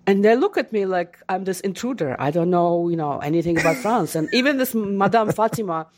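A woman's voice: medium pitch, fairly quick, a little hiss or hum. A woman, an author being interviewed, telling stories and acting out the voices of people she quotes. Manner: animated, acts out quoted voices. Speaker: guest author. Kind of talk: casual interview conversation.

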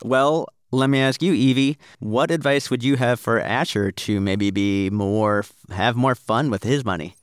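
A man hosting a kids' money podcast in a playful, lively way. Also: mid-range voice, measured pace, few pauses, clear, resonant tone, no echo, clean studio sound. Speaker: podcast host. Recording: music bed underneath.

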